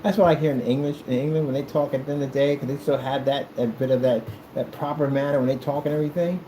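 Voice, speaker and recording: A man from the United States ranting to camera in a casual monologue, theatrical and animated, slipping into mock old-fashioned formal speech. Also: medium pitch, quick pace, a little hiss or hum, rough recording. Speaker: video creator.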